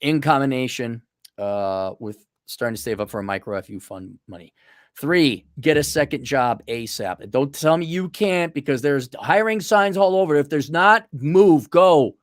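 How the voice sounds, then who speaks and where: A man's voice: mid-range voice, normal speed, no echo, studio quality. A man hosting a casual advice monologue, blunt and sardonic, with mocking asides. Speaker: podcast host. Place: on a trip during a motorcycle rally.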